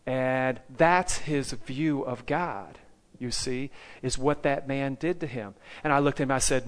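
A male preacher delivers a sermon built on personal stories, told with animated energy. His pitch sits in an ordinary middle range for a man, and he keeps checking in with the listeners by asking "okay?". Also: unhurried.

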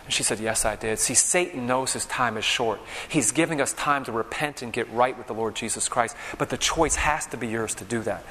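A man's voice: medium pitch, brisk, few pauses, pushed and bright, a little hiss or hum. A man preaching a sermon, telling vivid stories and checking in with the crowd with "okay?" and "all right?". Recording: long reverb in a large hall.

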